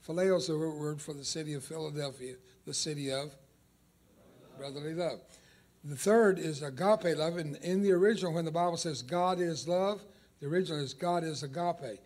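An older man, a native Spanish speaker, delivers an emphatic sermon, pausing dramatically and drawing out key words. His voice is a little high and a little mellow.

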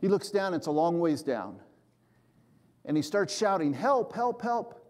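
A man's voice: on the high side, big pitch swings, normal speed, darkish tone, big-room sound. A man in his seventies, a pastor preaching a sermon and acting out the voices in his stories. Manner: storytelling preacher, acts out quoted voices.

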